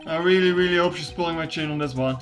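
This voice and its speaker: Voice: mid-range voice, fast, soft background music, pitched below the performer's own voice, lightly acted. A streamer voicing a nervous young male lawyer who stammers and makes dry remarks. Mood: wry.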